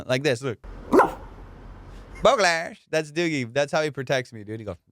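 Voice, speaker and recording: A man's voice: mid-range voice, animated, normal speed, noisy background. A male comedian hosting a podcast, rambling and swearing in casual comedic banter, slipping into silly voices.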